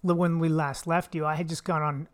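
A woman's voice: low voice, level tone, fairly quick. Joking middle-aged woman podcast host. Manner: joking, rambling storytelling. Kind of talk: casual chat. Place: podcast studio.

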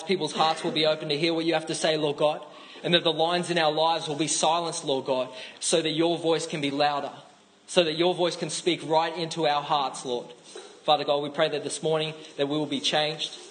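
An Australian man preaches in a relaxed, chatty way, often repeating and restarting his words. His voice sits slightly high, and faint room sound is heard behind him. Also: slight background noise, rough recording. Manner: chatty, informal, with frequent restarts. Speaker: pastor. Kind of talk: sermon.

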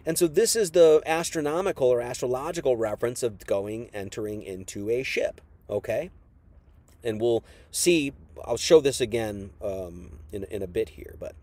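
A man's voice: mid-range voice, animated, unhurried, a little mellow, no room sound. A man preaching a casual Bible teaching, emphatic and conversational, full of asides and restarts.

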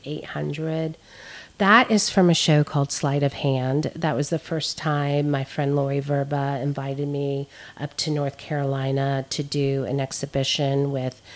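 Woman guest, podcast interview: low, slow-paced voice, earnest and reflective, quick to laugh. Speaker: photographer guest. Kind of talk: podcast conversation. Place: Savannah art community member.

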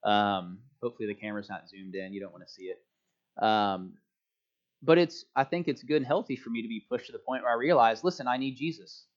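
A man giving a relaxed, chatty sermon to a church congregation, joking about himself as he goes. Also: on the low side, fairly quick. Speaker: preacher. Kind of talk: casual sermon. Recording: dull lo-fi sound.

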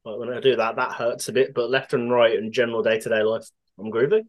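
A man's voice: medium pitch, fairly even intonation, fast, highs cut off. A man co-hosting a podcast in casual chat. He is laid-back, swears freely and laughs often. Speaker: podcast co-host.

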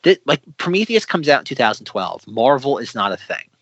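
A man's voice: mid-range voice, big pitch swings, fairly quick, slightly rough, dry recording, muffled recording. A man co-hosting a podcast, making his point persistently in a casual film discussion, often repeating words as he cuts in. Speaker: podcast co-host.

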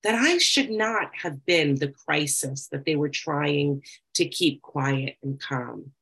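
A woman speaking reflectively about her own experience, reading passages aloud slowly and then talking freely. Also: deep voice, lively intonation, a bit bright, slightly rough, rough recording. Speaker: speaker sharing recovery experience. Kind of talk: personal talk with reading aloud.

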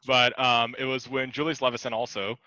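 Giggly man, bright voice, muffled mic. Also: medium pitch, level tone, fairly quick, dry recording. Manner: giggly, laughs through his stories. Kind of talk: casual chat.

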